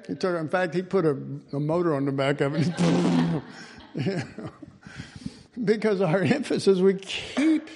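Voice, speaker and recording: A man's voice: high voice, animated, a little slow, a little mellow. A man giving an informal Bible teaching in a folksy way, chuckling often and restarting his phrases.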